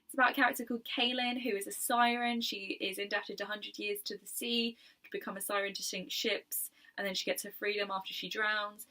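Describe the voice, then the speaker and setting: Young woman, bright voice, chatty book vlogger, laughs often. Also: medium pitch, steady tone, fairly quick. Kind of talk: casual chat.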